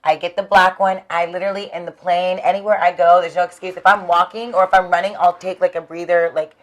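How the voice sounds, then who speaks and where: A young adult woman, a fitness trainer, chatting in an interview, an animated storyteller who laughs often and swears freely. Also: fairly low pitch, fast talker. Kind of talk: casual interview chat.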